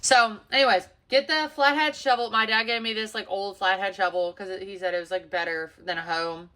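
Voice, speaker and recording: A woman, shaken and a little breathless, telling a storytime in a casual, animated way full of fillers. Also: mid-range voice, fairly quick. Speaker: storyteller vlogger.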